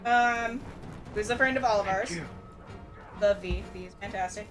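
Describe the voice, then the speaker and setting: A woman's voice: medium pitch, moderate pace, over music. A woman chatting eagerly on a casual gaming stream, often laughing. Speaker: stream co-host.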